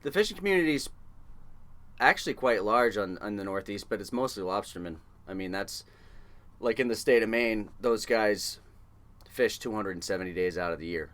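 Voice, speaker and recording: Low, bright-toned salty fisherman. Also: moderate pace. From coastal New England. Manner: salty, swears freely, loose anecdotal telling. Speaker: guest, fishing boat chief engineer. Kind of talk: casual interview storytelling.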